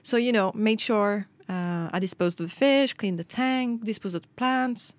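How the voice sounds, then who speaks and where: Middle-aged woman, lively anecdote teller, dry sound. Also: medium pitch, moderate pace, no room sound. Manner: animated storytelling with quoted dialogue. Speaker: podcast co-host. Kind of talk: casual chat.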